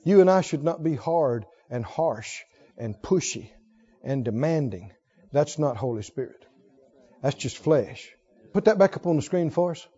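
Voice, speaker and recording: Animated high-pitched male preacher. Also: measured pace, breathy edge, muffled recording. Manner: emphatic, repeats key phrases, swings from loud to soft. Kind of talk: sermon.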